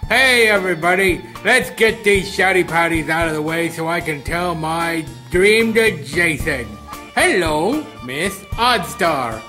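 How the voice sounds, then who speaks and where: Slow, wisecracking male co-host. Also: fairly high pitch, lively intonation, pushed and bright, soft background music. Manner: wisecracking, teasing. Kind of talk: comic shout-outs.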